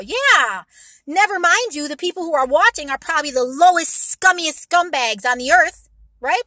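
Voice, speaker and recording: A woman vlogger with a high, sharp voice gives her viewers rambling, emphatic advice in a casual monologue, recorded with no echo. She's blunt and swears at times.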